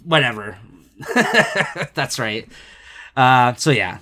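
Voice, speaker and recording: A man's voice: medium pitch, takes it slowly, sharp tone. A man co-hosting a casual podcast, retelling comic scenes with lots of laughter and filler words. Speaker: podcast co-host. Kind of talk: casual comic book chat.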